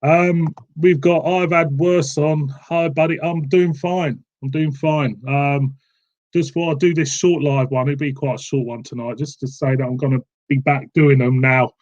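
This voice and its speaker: A man with a southern English accent, hosting a live beer-review stream with a casual, chatty delivery. He rambles, repeats his words, and keeps calling his viewers "mate". His pitch sits in an ordinary middle range for a man. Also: steady tone, moderate pace, darkish tone, muffled recording. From southern England.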